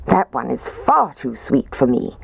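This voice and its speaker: Storybook little girl, fussy and lightly complaining, voice jumping high, put on by a woman narrator. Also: very animated, unhurried, creaky, slightly rough, dry recording, full character voice.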